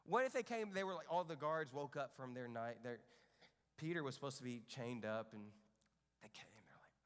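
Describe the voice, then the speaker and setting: A man's voice: mid-range voice, brisk, clear, resonant tone, in a large hall. A man leading a children's church lesson, acting out a Bible story and asking the kids questions. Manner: animated, asks the children questions. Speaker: children's ministry leader. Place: church kids' room stage.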